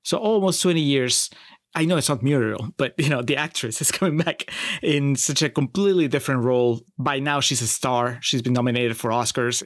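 A man's voice: mid-range voice, brisk, no echo, studio quality. Chatty man co-hosting a film podcast. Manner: chatty, enthusiastic, asks questions. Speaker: podcast co-host. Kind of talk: casual film discussion.

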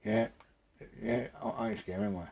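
An older man, gravelly and husky, speaking bluntly and emphatically in a casual interview at his home, swearing freely. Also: lowish voice, wildly swooping pitch, normal speed, darkish tone. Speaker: interview guest.

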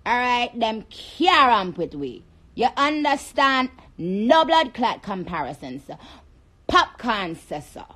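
A woman putting on a brash, boastful Jamaican alter ego, speaking in loud, swaggering, drawn-out patois. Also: on the high side, very animated, full character voice. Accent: Jamaican patois put on.

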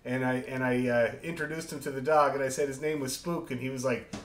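A man leading an online music rehearsal talks at a quick pace in a medium-pitched voice with fairly even intonation. As orchestra leader, he chats casually and spins rambling, joking stories in a friendly way, and the recording is echoey.

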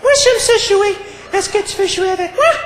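A man doing a high-pitched little Québécois boy. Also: a little fast, fairly bright tone. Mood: eager. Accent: Quebec French. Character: little French-Canadian boy at hockey. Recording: echoey live room with crowd.

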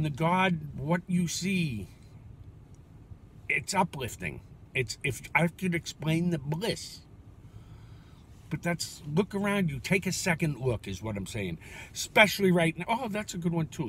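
Chatty rambling man, lively pitch. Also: a little hiss or hum. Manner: chatty, swears casually, self-deprecating. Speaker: vlogger. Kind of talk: rambling casual monologue.

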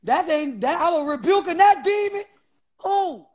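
A man, telling stories loudly and profanely in a casual chat. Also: extremely high pitch, moderate pace, slight background noise. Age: 40s. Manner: loud, profane, animated storytelling. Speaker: guest. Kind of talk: casual live-stream chat. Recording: dull lo-fi sound.

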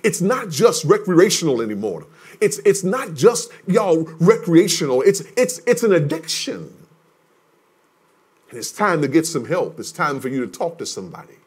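A male pastor preaching a sermon, emphatic and repetitive, dropping from loud declarations to hushed words. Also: a little high, sing-song, normal speed, breathy edge. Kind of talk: livestreamed sermon teaching.

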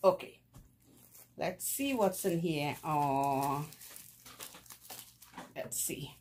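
A woman's voice: deep voice, animated, very slow, darkish tone, a little hiss or hum. A woman vlogger opening fan mail, effusive and laughing, repeating her praise over and over. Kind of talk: casual unboxing chat.

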